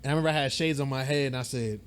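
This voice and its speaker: Rambling, animated young man on a podcast. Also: mid-range voice, racing. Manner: rambling, animated, swears freely, acts out quoted voices. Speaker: podcast co-host. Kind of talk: casual storytelling chat. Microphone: podcast mic.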